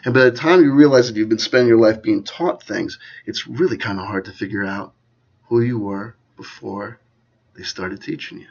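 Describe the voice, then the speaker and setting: A man with a husky, low-pitched voice rambles through his thoughts in a solo commentary. He mocks himself and drifts between loud bursts and near-whispered asides. The recording sounds dull and lo-fi. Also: normal speed. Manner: digressive, self-mocking, swings between loud and hushed. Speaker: channel host.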